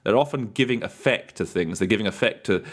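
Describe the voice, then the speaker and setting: A man's voice: on the low side, expressive, brisk. A man coaching interpreters in a casual teaching talk, thinking aloud with fillers and restarts and telling chatty anecdotes.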